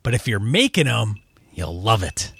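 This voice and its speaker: Lively, wisecracking man on a podcast. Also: fairly low pitch, gravelly, husky. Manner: wisecracking, quick to joke and swear. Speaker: podcast co-host. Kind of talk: casual podcast banter.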